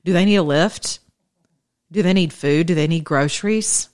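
A woman's voice: on the low side, moderate pace, darkish tone. Impassioned woman preaching casually. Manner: impassioned, conversational, shifting pace. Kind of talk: informal sermon.

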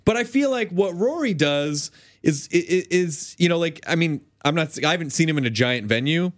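A man's voice: on the high side, animated, moderate pace. A man hosting a podcast, a comedian himself, talking casually and swearing freely.

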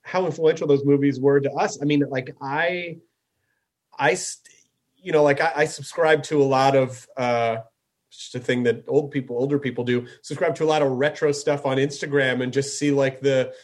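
A man's voice: mid-range voice, steady tone, normal speed. A man hosting a podcast in a casual, rambling way, full of filler words. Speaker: podcast host. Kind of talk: casual chat.

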